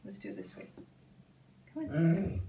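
A woman's voice: lowish voice, huge pitch swings, measured pace, background noise. A woman training a dog, coaxing it with short repeated cues and explaining the steps as she goes. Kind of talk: live training session with commentary to camera. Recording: echoey, from a distant camera mic.

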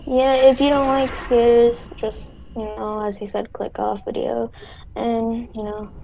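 A woman's voice: on the high side, little pitch movement, unhurried, gravelly, warm tone, slight background noise, low-quality recording. A woman chatting casually while playing a game, hesitant and trailing off with fillers, over a voice chat mic. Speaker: game player. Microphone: gaming voice chat mic.

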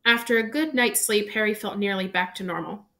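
A woman reading a novel aloud in steady storytelling narration. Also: mid-range voice, a little fast, gravelly. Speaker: reader.

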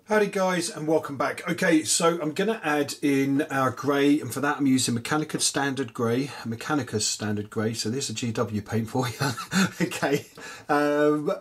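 A man hosting a casual miniature-painting tutorial, rambling with lots of fillers and muttering softly to himself as he paints, chewing peanuts as he talks. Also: medium pitch, slightly rough. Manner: rambling, chatty, many fillers; chewing peanuts while talking. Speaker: miniature painting hobby channel host.

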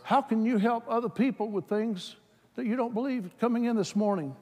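Fervent preacher with a hall echo. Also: male voice, brisk. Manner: builds from plain talk to shouted, high-pitched fervor. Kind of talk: sermon. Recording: hall reverb.

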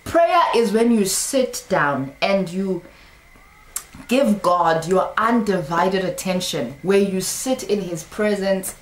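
A woman giving a casual spoken sermon to camera, animated and scolding with teasing asides. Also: mid-range voice, slow pace, roomy sound, a little hiss or hum. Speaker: Christian teacher.

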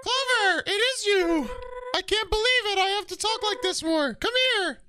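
A man voicing an excitable young female bird guard in a squeaky, gushing, breathless voice. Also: normal speed, background noise. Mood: overjoyed.

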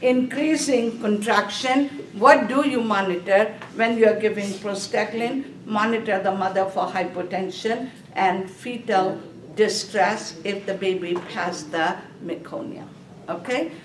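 A woman's voice: mid-range voice, measured pace, a little hiss or hum. A woman lecturing nursing students, asking questions and answering them herself and repeating key terms. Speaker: nursing instructor. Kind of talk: classroom lecture. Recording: echoey room, mic far off.

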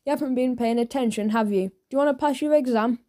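A woman voicing a stern, sharp-tongued schoolteacher who interrogates her pupil. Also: a little high, quick pace, lightly acted. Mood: demanding. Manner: demanding, interrogating.

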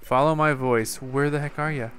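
A man's voice: medium pitch, fairly even intonation, normal speed, clear, resonant tone, soft background music. A man giving casual, chatty gameplay commentary, talking to himself and to someone off-mic, and now and then calling out a name. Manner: repeatedly shouts a name into the game mic. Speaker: gaming YouTuber.

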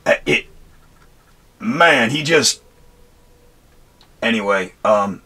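A man vents about a run-in in a rambling, heated rant, swearing freely and repeatedly restarting his sentences. His voice has a bright, forward edge with a husky grain. He speaks as a Marine veteran talking straight to his viewers. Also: medium pitch, takes it slowly, long pauses. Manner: profane, angry, rambling with restarts and "anyway". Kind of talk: heated personal storytelling rant.

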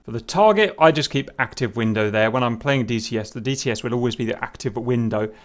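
A man casually explaining a software setup step by step in a screen-recorded tutorial, with fillers and asides. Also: mid-range voice, fast. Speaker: tutorial host.

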